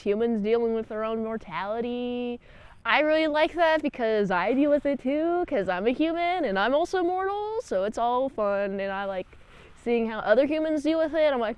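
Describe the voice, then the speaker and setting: Chatty high-voiced woman reviewer. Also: clear, resonant tone, no room sound. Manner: chatty, jokey, with many fillers and retellings. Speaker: video reviewer. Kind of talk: casual review monologue.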